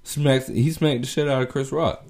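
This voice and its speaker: A man's voice: medium pitch, fairly even intonation, normal speed, darkish tone. A young man hosting his own show, telling a story in a laid-back, slangy way and laughing often. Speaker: podcast host. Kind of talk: casual opinion monologue.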